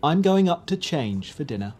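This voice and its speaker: A woman narrating plays a priggish young man in an audiobook, pompous and indignant. His pitch moves freely with every complaint. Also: sing-song, normal speed, darkish tone, breathy edge, heavily acted. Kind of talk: audiobook character voice.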